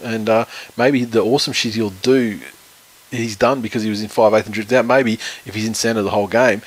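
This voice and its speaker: An Australian man co-hosting a casual sports podcast, talking in a loose, rambling way full of swearing and blunt opinions. His voice sits a little low and has a husky, breathy edge. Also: fairly even intonation, fairly quick, low-quality recording. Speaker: podcast co-host.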